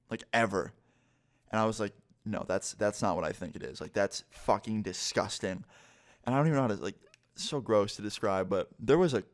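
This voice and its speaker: Young male vlogger, slightly low voice, loose and profane storytelling. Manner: casual, profane, rambling. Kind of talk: casual storytime.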